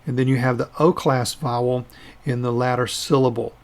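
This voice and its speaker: A Hebrew teacher with an ordinary-pitched male voice and a level tone leads a recorded grammar lesson. He works through each form patiently and methodically, step by step, pausing so learners can repeat the words after him.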